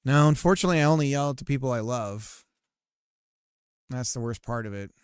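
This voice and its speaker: A man streaming while he works on a game, chatting casually, rambling with fillers and cursing at his software. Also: mid-range voice, fairly quick, smooth, no room sound, clean studio sound. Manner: rambling and self-deprecating, swears often, many fillers. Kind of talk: casual live-stream chat while working.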